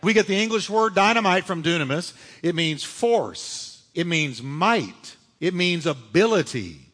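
A pastor preaching a sermon with emphatic delivery, repeating key words for force. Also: male voice, high-pitched, very animated, unhurried, a bit bright. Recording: long hall reverb.

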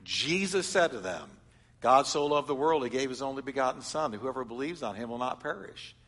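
A man preaching as a pastor, animated, swinging between loud exhortation and soft, quiet reflection. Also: mid-range voice, fairly quick. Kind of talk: sermon teaching. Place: church hall. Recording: long hall reverb.

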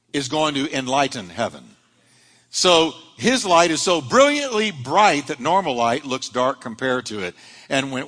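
Man, pastor, preaching, very animated pitch, big echoing sanctuary. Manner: animated preaching, rising and dropping dramatically. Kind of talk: sermon.

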